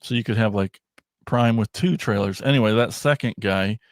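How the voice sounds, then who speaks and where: A man hosting a podcast in casual chat, rambling and excitable, often trailing off and starting over. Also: on the low side, normal speed, no echo, studio quality. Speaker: podcast host.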